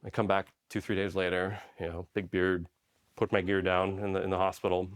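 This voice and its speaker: Low-voiced man telling war stories. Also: little pitch movement, brisk. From Poland. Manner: conversational, frequent "right?" and "you know" tags. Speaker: guest, army special forces medic. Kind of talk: interview storytelling.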